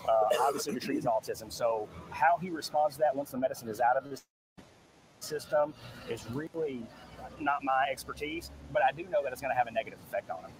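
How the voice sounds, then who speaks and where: A man's voice: medium pitch, brisk, slight background noise, low-quality recording. A man, a law enforcement officer, answering questions at an outdoor press briefing in an earnest, plain-spoken way. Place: outdoors at a search site.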